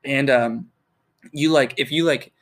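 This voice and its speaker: A man's voice: mid-range voice, fairly even intonation, a little slow, fairly bright tone. A young man telling a rambling story in casual chat, full of fillers and swearing.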